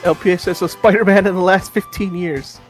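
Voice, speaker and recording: Male streamer, slightly higher voice, talkative, reads chat aloud over soft game music. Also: fairly even intonation, brisk. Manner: chatty, reads viewer comments aloud, frequent restarts.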